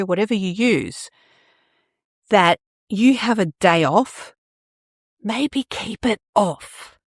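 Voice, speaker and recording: Woman, podcast host, chatty, animated, mid-pitched voice, dry close sound. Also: no echo. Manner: chatty, animated, acts out little scenes. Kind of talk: solo podcast talk.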